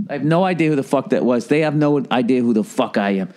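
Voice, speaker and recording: A man's voice: medium pitch, animated, quick pace, warm tone, a little hiss or hum. A man in his late forties hosting a podcast, riffing in a profane, sarcastic comedic monologue and slipping into mock voices. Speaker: podcast host.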